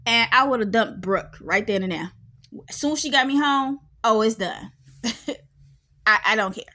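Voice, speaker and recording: A woman, giving an outspoken, animated casual reaction to a reality show and sometimes talking loudly. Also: fairly high pitch, moderate pace. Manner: animated and outspoken, with frequent laughs and exclamations; loud at times. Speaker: reality TV reviewer.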